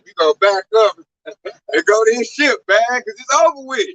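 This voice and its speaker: High bright-voiced man, slangy and emphatic. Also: animated, normal speed, no echo. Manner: slangy, emphatic, acts out quotes. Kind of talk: casual religious talk. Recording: muffled lo-fi recording.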